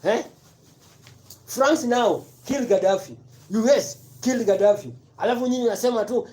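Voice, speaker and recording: Fired-up commentator, mellow voice. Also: medium pitch, moderate pace. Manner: repetitive, emphatic, rhetorical questions. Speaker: live-stream commentator. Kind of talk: impassioned political rant mixing Swahili and English.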